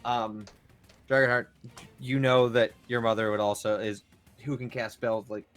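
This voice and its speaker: A man running a tabletop game as dungeon master, narrating in a rambling, animated way full of fillers. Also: medium pitch, moderate pace, soft background music.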